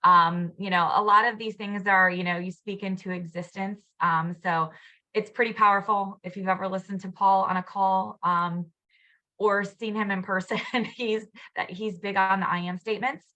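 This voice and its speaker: A woman's voice: medium pitch, fairly even intonation, normal speed, sharp tone, rough recording. A woman co-hosting a team video call, chatting casually with many ums and you-knows.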